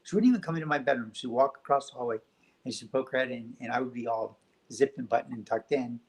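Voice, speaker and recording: A man speaking as a guest in a reflective spiritual conversation, soft, gentle and unhurried. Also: mid-range voice, rough recording. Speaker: podcast guest.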